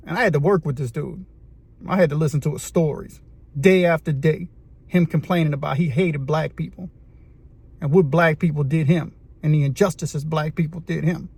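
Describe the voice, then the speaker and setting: A man's voice: fairly high pitch, normal speed, gravelly, a little mellow, husky, dry recording. Emphatic man telling a story. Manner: emphatic, addresses the viewer directly. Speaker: channel host. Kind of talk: storytelling narration.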